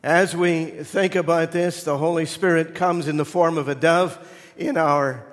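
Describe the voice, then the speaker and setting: Slow-preaching man in an echoing church. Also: on the high side, steady tone. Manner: swings from loud emphatic preaching to hushed near-whispers. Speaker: pastor. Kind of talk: sermon. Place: church sanctuary. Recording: long reverb of a church hall.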